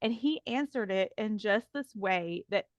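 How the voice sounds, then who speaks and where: A woman's voice: mid-range voice, expressive, a little slow, no room sound. A woman guest on a faith podcast, talking earnestly and casually, laughing often and leaning on "like.". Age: adult, taught and teaches women.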